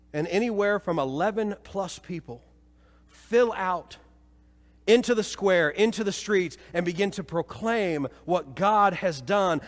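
A man from Missouri preaches to his church with a high voice that carries a long reverb through the hall. He tells his story with lively energy, then sinks into low, solemn appeals to the congregation. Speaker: pastor. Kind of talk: sermon.

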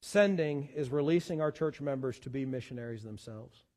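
A man's voice: medium pitch, moderate pace, a little mellow, in a large hall. A man preaching a sermon as pastor, earnest and given to repeating words as he searches for the next one. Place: church sanctuary.

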